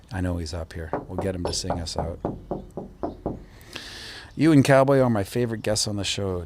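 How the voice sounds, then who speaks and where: Relaxed lower-voiced man chatting on a stream. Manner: relaxed and rambling, with frequent fillers and restarts. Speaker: crypto channel host. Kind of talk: casual live-stream chat reading viewer comments.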